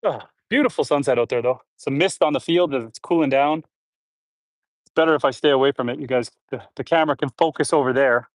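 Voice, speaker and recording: A man's voice: medium pitch, fairly quick, no echo. A man from Canada chatting live with viewers while shoveling manure on his farm outdoors, grunting and sighing between loads and slightly out of breath. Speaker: homestead livestreamer. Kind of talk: casual live chat reading comments while working. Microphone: phone.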